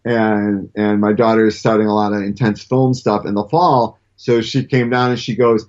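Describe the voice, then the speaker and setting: A man's voice: on the low side, flat delivery, normal speed, few pauses, a little mellow. A middle-aged man in casual chat as a guest, telling stories animatedly and often stammering and restarting his sentences. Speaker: comic book writer guest. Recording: dull lo-fi sound.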